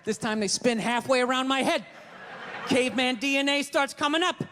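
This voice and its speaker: A man's voice: very high voice, moderate pace, sharp tone, slight background noise. A man performing a stand-up comedy routine, telling a story with exasperated, mock-quoted rants.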